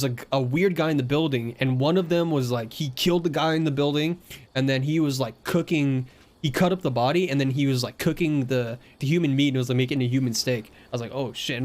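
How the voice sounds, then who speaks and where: A young man casually telling a long story, full of fillers and quick acted-out quotes of other people. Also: mid-range voice. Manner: rambling, filler-heavy, animated quoting of others. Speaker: storyteller recounting a game session.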